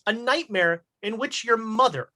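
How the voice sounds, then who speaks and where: A woman narrating a tabletop horror game as game master, halting with many fillers. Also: a little high, animated, pushed and bright.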